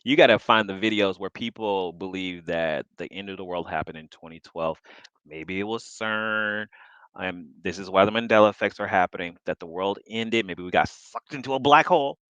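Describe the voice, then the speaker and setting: Deep-voiced man in casual chat. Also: normal speed, a bit bright, smooth, dry recording, muffled recording. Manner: chatty, wondering aloud.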